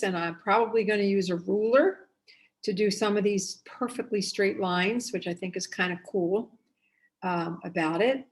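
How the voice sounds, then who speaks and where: A woman's voice: medium pitch, poor audio. A middle-aged woman hosting a casual painting tutorial, chatty and upbeat, often rambling with "anyway" and "um". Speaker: art teacher and host.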